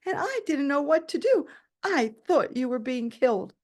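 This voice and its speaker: A man's voice: extremely high pitch, sing-song, moderate pace, voice pushed up. A woman voicing a flustered male doctor who keeps repeating himself in panic, over a video call. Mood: upset.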